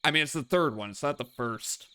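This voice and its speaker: A man's voice: fairly high pitch, fairly quick, bright, forceful tone, clear, resonant tone. A man streaming a video game, chatting casually and joking, swearing offhandedly. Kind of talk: casual commentary while playing a game.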